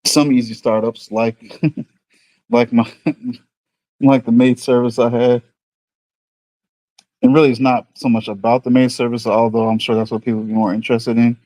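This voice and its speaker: A man's voice: mid-range voice, little pitch movement, moderate pace, long pauses, warm tone, dry recording. A man with a New York accent chatting casually with viewers on a livestream. He rambles and thinks aloud in an easygoing way. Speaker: livestream host.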